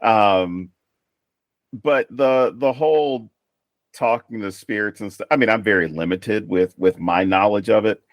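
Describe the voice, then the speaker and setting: A man co-hosting a podcast, chatting casually and telling lively stories, acting out his mother's lines. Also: lowish voice, unhurried, no echo. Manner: animated storyteller, acts out his mother's lines. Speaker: podcast co-host. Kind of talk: casual chat.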